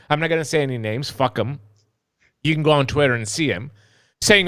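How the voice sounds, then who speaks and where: A man ranting on a live stream, cursing freely as he answers viewer comments. His voice jumps all over, from low grumbles to near shouts. The sound is close and dry, with no room around it. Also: sing-song, brisk, no room sound. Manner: ranting, profane, swings from mumbling to shouting. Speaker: co-host of a live vaping talk stream.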